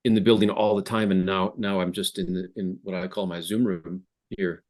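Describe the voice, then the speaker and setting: Casting: low-pitched man, founder guest, halting, restarts often, home-office video call. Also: flat delivery, darkish tone. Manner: hesitant, many restarts and fillers. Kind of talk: casual interview conversation.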